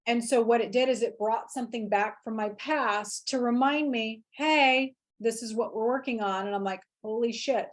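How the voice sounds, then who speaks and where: A woman's voice: medium pitch, a little mellow. A woman in her forties, a podcast guest, telling a personal story in candid conversation and acting out her own inner voice. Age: 40s.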